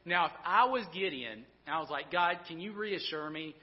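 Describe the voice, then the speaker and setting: Pastor in his thirties, fairly high voice, chatty animated preaching, echoing church hall. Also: normal speed. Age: 30s. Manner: conversational, animated storytelling with many restarts. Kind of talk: sermon. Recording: dull sound with long hall reverb.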